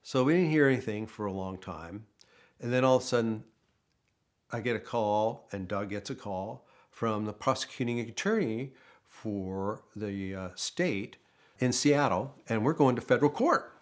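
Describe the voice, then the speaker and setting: Older man telling a lively anecdote. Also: on the low side, moderate pace. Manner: animated storytelling, acts out quoted dialogue. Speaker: guest storyteller, former car dealership manager. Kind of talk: casual anecdote.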